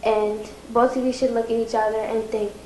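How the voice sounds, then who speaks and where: A teenage girl speaks to her grandparents in a loose, giggly ramble. Her voice sits fairly high, and the room around her rings with echo and a faint hiss. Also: flat delivery, normal speed, mellow. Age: teens. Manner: rambling, giggly, tearful toward the end. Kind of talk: personal video message. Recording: echoey room with faint noise.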